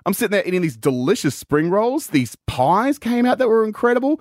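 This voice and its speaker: A man's voice: high voice, brisk, dry recording, clean studio sound. A man co-hosting a radio show, telling a story casually and acting out the quotes. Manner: animated storyteller, acts out quotes. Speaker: radio co-host. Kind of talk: casual chat.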